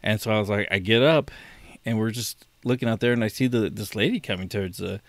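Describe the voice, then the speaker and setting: A man's voice: lowish voice, fast, no room sound. A man co-hosting a podcast, telling a long story in casual chat, with many restarts. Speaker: podcast co-host.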